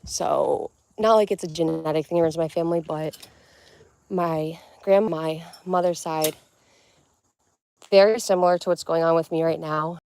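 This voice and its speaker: A woman's voice: low voice, fairly even intonation, moderate pace, creaky, a little mellow, clear, resonant tone. A young woman chatting on a casual livestream from her family home, out of breath, rambling with lots of "like" and baby talk to her pets.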